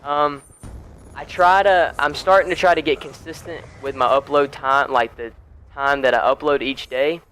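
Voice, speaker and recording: A man's voice: a little high, steady tone, normal speed, a bit bright, a little hiss or hum, rough recording. A young man chatting casually over gameplay, rambling with lots of fillers and restarts. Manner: laid-back and chatty. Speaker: gaming YouTuber.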